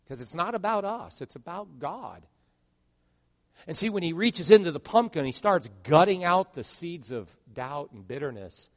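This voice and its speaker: A man's voice: a little high, very animated, moderate pace. Preaching man in an echoing church. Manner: dynamic preaching that swings from hushed to loud. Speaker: pastor. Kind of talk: sermon. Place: church sanctuary. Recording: long reverb of a large church hall.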